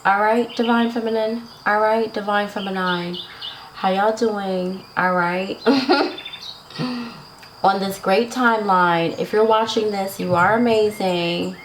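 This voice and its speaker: A woman's voice: medium pitch, steady tone, takes it slowly, a little hiss or hum, poor audio. A woman giving a casual tarot reading to her viewers, chatty and laughing often, checking in with "right?" and "okay?". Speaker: tarot reader.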